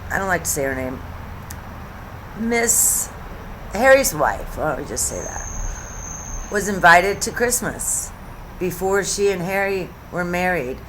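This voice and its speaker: A woman's voice: on the low side, animated, slow pace, pauses often, a bit bright, slight background noise. A woman in her fifties talking casually to camera at home, chatty and sarcastic, drifting between topics. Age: 50s. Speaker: YouTube commentary host. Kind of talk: casual rambling commentary to camera.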